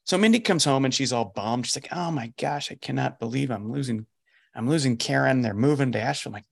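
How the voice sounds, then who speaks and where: A man's voice: medium pitch, fairly quick, vocal fry. A middle-aged man, a coach hosting a podcast, telling a story in casual conversation and acting out the dialogue. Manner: animated storyteller, acts out quoted dialogue. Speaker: life coach and podcast host.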